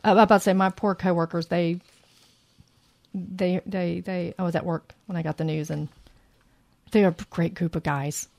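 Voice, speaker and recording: A woman's voice: on the low side, steady tone, moderate pace, gravelly, pauses often, darkish tone, no echo. A woman co-hosting a casual faith chat, talking in an earnest, encouraging way to other women. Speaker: podcast co-host.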